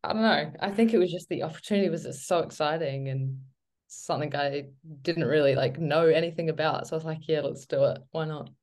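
Low-voiced New woman, relaxed. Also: brisk. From New Zealand. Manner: relaxed, rambling, with many fillers and "like". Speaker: guest, professional footballer. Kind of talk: casual interview chat.

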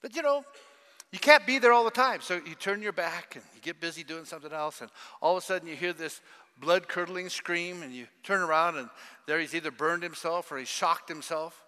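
An older man preaching a sermon, emphatic and animated, questioning the congregation. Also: a little high, a little fast. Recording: long hall reverb.

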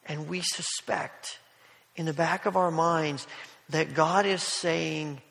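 A man preaching a sermon, telling a story in a gentle, conversational way with soft asides. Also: on the high side, fairly even intonation, slow pace, gravelly. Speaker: pastor. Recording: long hall reverb.

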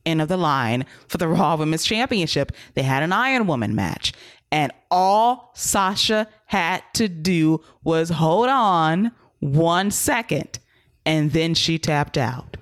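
A man co-hosting a casual wrestling talk show. He sounds direct and critical, in a steady way. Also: a little high, takes it slowly. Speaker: wrestling podcast co-host. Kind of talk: casual commentary chat.

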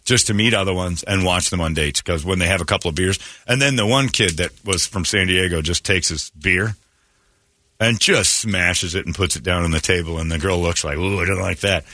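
Morning radio host, male, low bright voice, dry close mic, animated storyteller. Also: fairly quick, dry recording. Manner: animated storyteller, acts out quotes in raised voices. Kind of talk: casual morning radio banter.

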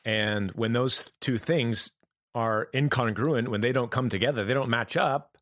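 A man in a reflective podcast conversation, talking earnestly in halting, restarting phrases. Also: medium pitch, a bit bright, dry recording, clean studio sound. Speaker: podcast guest.

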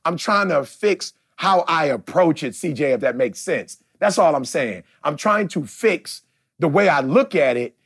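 Husky preacherly man on a podcast. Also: a little high, expressive, unhurried, a bit bright, no echo, clean studio sound. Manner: preachy, emphatic, repeats "see?". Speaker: podcast host. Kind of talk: casual chat.

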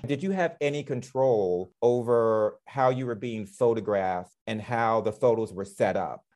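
A man's voice: on the low side, measured pace, darkish tone. A man co-hosting an interview podcast, chatting with the guest and joking about himself. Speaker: podcast co-host.

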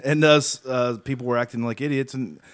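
A man's voice: mid-range voice, steady tone, fairly quick, clear, resonant tone, dry recording. A man in casual podcast chat, telling comedy stories and swearing freely. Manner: profane storytelling, acts out quotes.

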